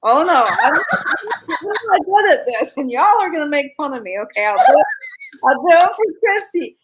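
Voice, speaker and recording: A woman's voice: high-pitched, fairly bright tone, rough recording. A woman co-hosting a casual live chat, chatty and self-deprecating, often laughing at herself. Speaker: co-host.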